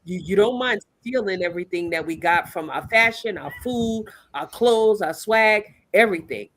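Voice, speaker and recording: A woman's voice: medium pitch, animated, moderate pace, a bit bright. A woman in her sixties on a podcast, talking bluntly and passionately, straight to the host. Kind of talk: casual podcast discussion.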